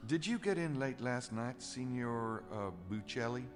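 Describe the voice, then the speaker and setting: A man's voice: medium pitch, lively intonation, a little slow, close to an everyday voice. An actor playing a laid-back, teasing male investigator in a video game, questioning a stranger. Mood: probing. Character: wry male investigator, nosy and casual. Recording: reverberant game audio with music.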